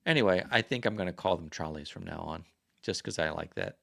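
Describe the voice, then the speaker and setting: A man's voice: low voice, animated, fast, vocal fry, fairly bright tone. A man hosting a casual livestream chat, rambling and chatty and often correcting himself. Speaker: livestream host.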